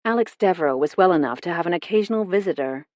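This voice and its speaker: A woman's voice: lowish voice, animated, fast talker, darkish tone, no room sound. Woman reading a cozy mystery, dry sound. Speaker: audiobook narrator. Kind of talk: first-person audiobook narration.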